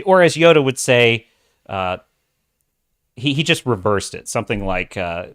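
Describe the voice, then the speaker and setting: A man's voice: medium pitch, animated, moderate pace, bright, forceful tone. Opinionated middle-aged man ranting on a livestream. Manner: opinionated, ranting, reads chat messages aloud. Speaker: livestream host. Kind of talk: casual livestream commentary.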